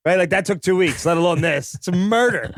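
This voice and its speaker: Lively high-voiced joking man. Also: no room sound, clean studio sound. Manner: jokey, teasing, quick to mock with silly voices. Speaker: podcast co-host. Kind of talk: casual film podcast banter.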